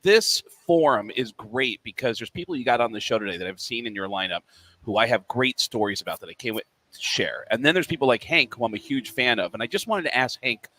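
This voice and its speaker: A man with a bright, clear voice speaks excitedly as a radio guest. He talks fast and eagerly, like a fan meeting someone he admires. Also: mid-range voice. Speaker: guest, voice impressionist. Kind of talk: radio interview.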